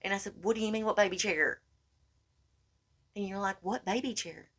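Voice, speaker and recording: A woman's voice: mid-range voice, normal speed. A woman, co-hosting a podcast and telling a story in casual chat, acting out the quoted lines with lots of animation. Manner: animated, acts out quoted lines, calls listener honey. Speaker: podcast co-host.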